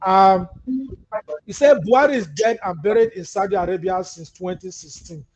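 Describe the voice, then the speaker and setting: High-voiced Nigerian man hosting, lo-fi. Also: normal speed, a little mellow. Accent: Nigerian Pidgin English. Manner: mixes Pidgin and English, reads viewer comments aloud, mocking asides. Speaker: host. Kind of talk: live call-in political talk show. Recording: muffled lo-fi audio with faint hiss.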